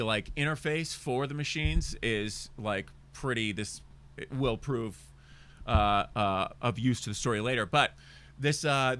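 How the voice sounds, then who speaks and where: Bright-voiced rambling podcast guy. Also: mid-range voice. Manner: rambling, crude, joking storyteller. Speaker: podcast co-host. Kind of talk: casual chat.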